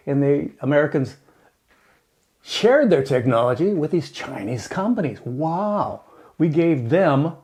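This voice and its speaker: A man's voice: a little high, creaky. A man hosting his channel, giving a casual, rambling opinion talk with jokes and asides. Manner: animated, joking, rambling with asides. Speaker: channel host.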